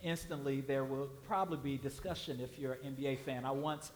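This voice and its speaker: A man's voice: medium pitch, steady tone, brisk. A man from Chicago preaching a sermon, conversational and emphatic, with fillers and repeated words. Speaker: guest preacher.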